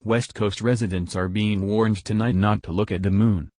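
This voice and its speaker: A man's voice: fairly low pitch, fairly even intonation, moderate pace, a little mellow, no echo, studio quality, natural voice. A man reading the lines of a grave male TV news anchor in a formal broadcast manner.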